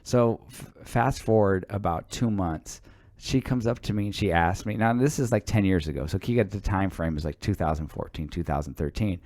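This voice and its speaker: A man with a low voice tells stories in a relaxed podcast chat, stumbling over his words and restarting often. His sound is close and dry, with no room echo. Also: moderate pace. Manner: storytelling, stammering restarts, swears casually. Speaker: podcast co-host; teacher. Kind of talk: casual chat.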